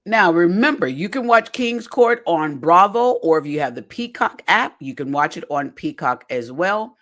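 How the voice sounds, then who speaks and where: A talkative podcast host gives casual commentary on a reality show episode at normal speed, speaking straight to listeners as "y'all." The voice is animated and swings widely in pitch, with phrases repeated for emphasis.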